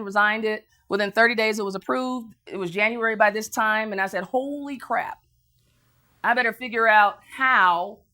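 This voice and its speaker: A woman's voice: on the high side, sharp tone. A woman motivational speaker telling a story to an audience, acting out other people's lines and laughing as she goes. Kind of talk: motivational speech.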